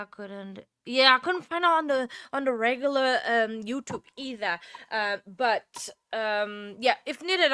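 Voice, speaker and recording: A woman's voice: mid-range voice, pushed and bright, clear, resonant tone, dry recording, clean studio sound. A woman hosting a live stream, talking casually and thinking aloud with many fillers and restarts. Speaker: livestream host.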